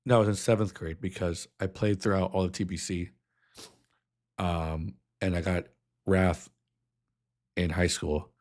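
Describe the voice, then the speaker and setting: A man's voice: sits low, fairly even intonation, measured pace, pauses often, darkish tone. A young adult man streaming, reacting with emotion, choked up and nostalgic, humming a melody now and then.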